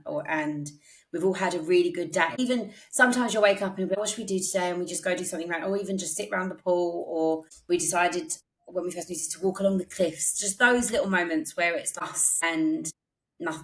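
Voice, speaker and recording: An Englishwoman with an English accent, co-hosting a podcast in casual, animated chat. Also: fairly low pitch. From England. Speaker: podcast co-host.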